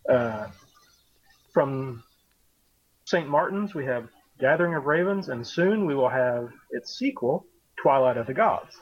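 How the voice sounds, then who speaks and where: A man with a mild Southern US accent, an author talking casually in an interview in a relaxed, rambling way. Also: mid-range voice, a little slow, long pauses, no echo. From American South. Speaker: author guest. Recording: dull lo-fi remote audio.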